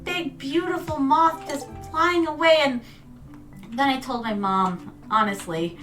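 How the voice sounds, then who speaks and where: A woman streamer with a high, bright voice chats casually while playing a game, telling long stories and calling her viewers her darlings. She sits a little back from the mic, and soft music plays behind her. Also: a little slow, far from the mic. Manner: storytelling, calls viewers "my darlings". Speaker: VTuber streamer. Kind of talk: casual chat while gaming.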